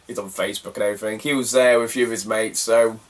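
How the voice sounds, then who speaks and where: A man's voice: fairly low pitch, fairly even intonation, fast talker, far from the mic. A young man, telling a rambling, slangy story as a retro gaming vlogger and laughing often between phrases. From Cornwall, England. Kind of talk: casual rambling anecdote.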